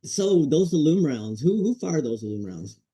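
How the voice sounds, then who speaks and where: Man with a super dark mellow voice, laid back, kinda wry, remembering old stuff. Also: fairly high pitch, very animated, measured pace, husky, dry recording, poor audio. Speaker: guest, Marine veteran. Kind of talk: casual chat.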